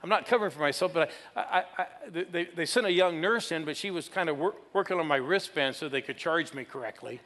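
A man's voice: on the high side, quick pace, few pauses, a bit bright, long reverb tail. A man in his sixties, a pastor telling a personal story in a sermon, playfully drawing in the audience. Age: 60s.

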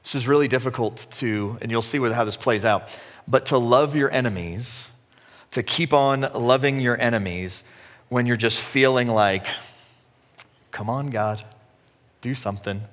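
A man's voice: medium pitch, normal speed, a bit bright. A man preaching a sermon as a pastor, in a conversational way with self-deprecating humor. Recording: echoey hall.

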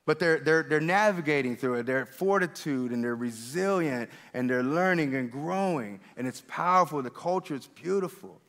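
A man preaching a sermon and telling stories, animated and repeating words as he gets excited. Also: on the high side, normal speed, hardly any pauses, in a large hall. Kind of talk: sermon storytelling. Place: church hall.

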